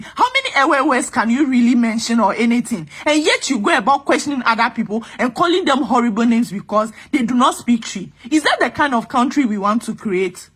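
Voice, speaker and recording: A Ghanaian woman vents to her followers in an angry, exasperated rant. Her voice is husky and fairly high. It swings widely as she hammers her points home. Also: expressive, moderate pace, hardly any pauses, fairly bright tone. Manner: exasperated, emphatic, repeats herself. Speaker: vlogger. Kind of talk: impassioned vlog rant.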